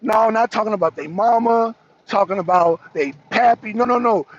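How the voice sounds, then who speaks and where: A high-pitched man talks briskly on his political live stream, swearing often and animatedly greeting viewers by name in a casual way. The audio sounds dull.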